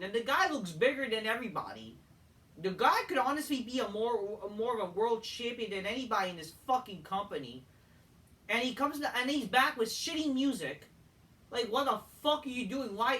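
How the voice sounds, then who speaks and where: A man reviewing a wrestling show in a profane, exasperated rant, full of rhetorical questions, swinging from loud outbursts to flat mutters. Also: sits high. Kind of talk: ranting solo show review. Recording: distant mic, faint background noise.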